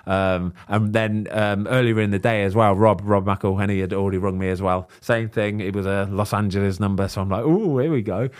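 Chatting casually on his podcast, this host and footballer is a lively storyteller who performs other people's lines as he recounts them. He speaks on the low side, fairly quickly and with hardly any pauses.

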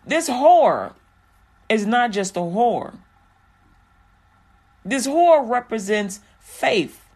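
Slow-talking frank woman Bible teacher. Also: mid-range voice. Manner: frank and joking, with lots of fillers.

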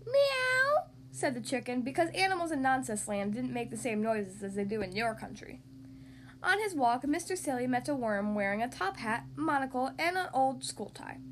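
A woman hosting a children's podcast, reading a storybook aloud in an expressive, animated way. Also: a little high, normal speed, a little hiss or hum. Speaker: podcast host and story reader.

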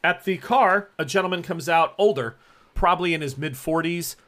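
A man's voice: fairly high pitch, normal speed, a bit bright. Male game master, loose descriptive narration, lots of fillers. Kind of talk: narrating a tabletop role-playing game.

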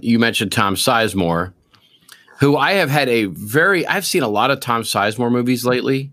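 A man co-hosting a podcast, chatting casually about movies, animated and profane, with loose rambling restarts. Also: mid-range voice, brisk. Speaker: podcast co-host.

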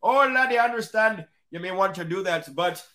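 A man putting on an Irish accent to voice a fatherly, older male Irish cop in a bar, giving gentle, soothing advice. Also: sits high, lively intonation, a little fast. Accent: put-on Irish.

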